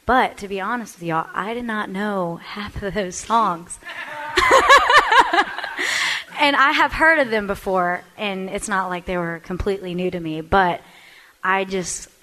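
A woman from Texas, a singer guest chatting casually in a radio studio interview, pausing on fillers and laughing easily. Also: mid-range voice, sharp tone, poor audio.

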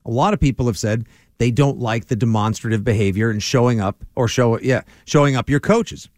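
A man's voice: mid-range voice, fairly quick, no echo, studio quality. A man, co-hosting a casual sports podcast and rambling with lots of fillers. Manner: rambling, animated, full of fillers. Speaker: podcast co-host.

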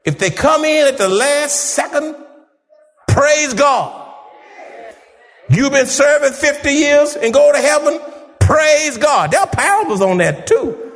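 Fervent preacher with a lively voice. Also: male voice, very high voice, takes it slowly, long pauses, in a large hall. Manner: fervent, rising to shouts, calls on congregation to respond. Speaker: pastor. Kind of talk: sermon.

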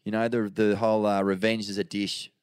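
An Australian man co-hosting a podcast in a casual, sweary storytelling manner. His voice sits fairly low and the sound is dry and close. He loops back and restarts often as he talks. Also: level tone, a little fast, clean tone, dry recording. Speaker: podcast co-host. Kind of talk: casual chat.

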